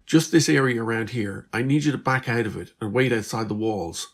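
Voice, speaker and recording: A man voicing a teenage girl from the future, anxious and stammering, in a husky voice. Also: mid-range voice, fairly quick.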